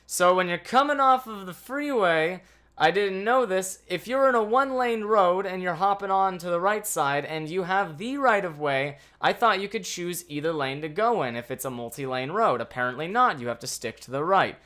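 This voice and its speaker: A man telling a casual storytime vlog in an animated, anxious way, swearing freely. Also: sits high, normal speed. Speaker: vlogger.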